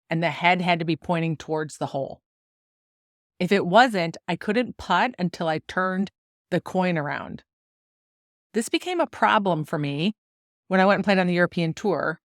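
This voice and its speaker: A woman in her forties from the United States, hosting a solo podcast and telling stories in a chatty, lively way with frequent laughs. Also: fairly low pitch, no echo, studio quality. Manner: chatty, animated storytelling with laughs. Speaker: podcast host and golf coach.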